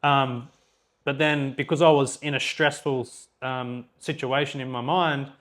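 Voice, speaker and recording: A man's voice: medium pitch, steady tone, a little slow, a bit bright. A young Australian man co-hosting a podcast, telling his own story in blunt casual chat and swearing often. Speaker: podcast co-host.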